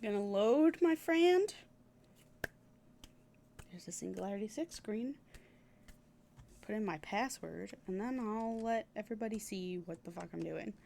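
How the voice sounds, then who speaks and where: A woman's voice: medium pitch, expressive, unhurried, gravelly, pauses often, dark tone, a little hiss or hum. A young woman streaming a game, chatting casually, gushing and swearing as she reacts.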